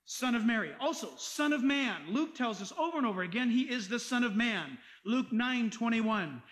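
A male pastor preaching a sermon, animated and emphatic, quoting scripture and joking along the way. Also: very high voice, normal speed.

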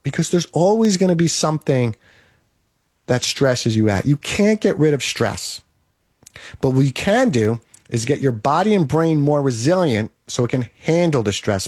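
Emphatic man with a higher voice. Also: darkish tone, no room sound, clean studio sound. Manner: emphatic, repetitive, coaching. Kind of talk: motivational monologue.

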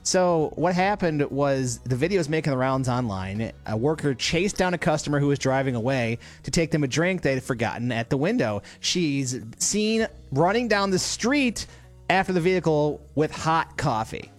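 A man bantering on a morning radio show, his pitch bouncing around as he tells a story. He talks casually and playfully, joking with his co-host. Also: expressive, moderate pace, faint music behind.

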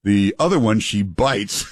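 A man hosting talk radio, relaxed and halting, with lots of "uh"s and dry teasing. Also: fairly low pitch, no room sound. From New York area. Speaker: radio talk show host, filling in.

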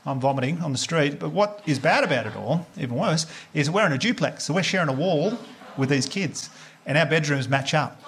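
Crude Australian stand-up comic. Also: male voice, on the high side, a little fast. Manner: crude, deadpan storytelling with quoted voices. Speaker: stand-up comedian. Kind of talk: stand-up comedy set. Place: comedy club stage before a live audience. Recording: live stage mic, loud crowd laughter. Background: audience laughter.

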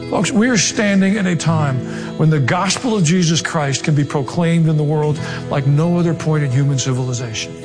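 A man's voice: fairly high pitch, normal speed, in a large hall, over music. A man with a Southern US accent, preaching a sermon as a pastor in an earnest, emphatic manner.

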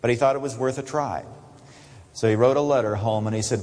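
A mid-pitched man delivers a sermon in a large hall whose long reverb trails after every phrase. He climbs to emphatic, lifted lines on his key points, then sinks to soft, quiet asides. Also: fairly quick. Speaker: preacher.

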